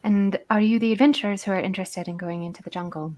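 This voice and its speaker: A woman's voice: mid-range voice, fairly even intonation, fast talker, darkish tone, a little hiss or hum, natural voice. A woman voicing a gracious female jungle guide, speaking formally in a put-on British accent. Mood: courteous. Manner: courteous, formal phrasing.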